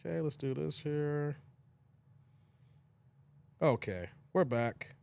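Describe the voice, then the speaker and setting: A man hosting a casual reaction livestream, animated and exclamatory, talking straight to his chat. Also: on the high side, takes it slowly, vocal fry, clean tone.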